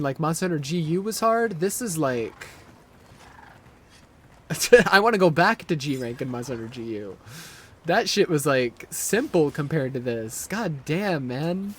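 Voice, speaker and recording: A man's voice: a little high, expressive, measured pace, a little hiss or hum. A young man streaming a live game, ranting and swearing at a boss with repeated frustrated outbursts. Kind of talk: live gameplay commentary.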